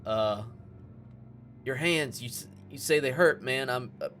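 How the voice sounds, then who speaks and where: A male player in a tabletop game, speaking in a laid-back, halting way, partly in character. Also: mid-range voice, fairly bright tone, soft background music. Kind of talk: in-character tabletop role-play.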